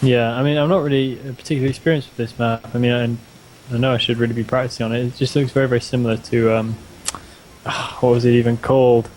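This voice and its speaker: A man's voice: mid-range voice, flat delivery, fast talker, darkish tone, slight background noise. Young man, esports caster, casual commentary, chatty, teasing, restarts words.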